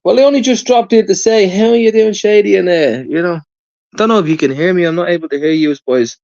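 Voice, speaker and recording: A man's voice: high voice, fairly quick, darkish tone. A man calling into a livestream, rowdy and laughing, swearing freely. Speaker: caller dropping into a livestream. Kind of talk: casual livestream chat. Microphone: internet call. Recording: muffled lo-fi call audio.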